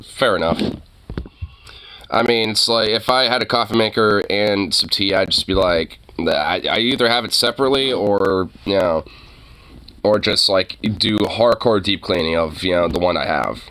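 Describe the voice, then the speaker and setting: Casting: young male streamer, low-pitched, loose rambling chat packed with fillers and cursing. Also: a bit bright. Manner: rambling, many fillers, swears casually. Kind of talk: casual livestream chat.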